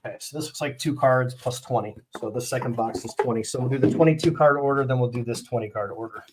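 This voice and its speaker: A man's voice: medium pitch, fast talker, noisy background. A fired-up man hosting a casual live stream, ranting bluntly and talking to his chat.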